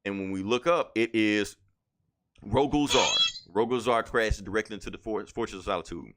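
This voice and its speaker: A man's voice: lowish voice, normal speed, a bit bright. A man casually recapping a comic book on a podcast, rambling with lots of fillers and quoted lines.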